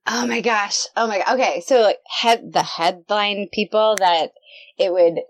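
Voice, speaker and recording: A woman author chatting as a guest on a podcast, telling stories in a bubbly, animated way. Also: mid-range voice, measured pace, slight background noise. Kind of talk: casual podcast chat.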